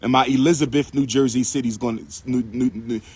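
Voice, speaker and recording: Husky-voiced man preaching to viewers. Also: medium pitch, fairly even intonation, brisk, darkish tone. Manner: preachy, repetitive, call-and-response with viewers. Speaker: livestream host and lecturer. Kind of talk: live-streamed talk to viewers.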